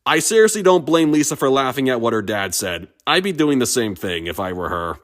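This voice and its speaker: A man's voice: medium pitch, big pitch swings, a little fast. Joking American man reviewing cartoons. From United States. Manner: joking, self-mocking. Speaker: cartoon critic host. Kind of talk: casual review commentary.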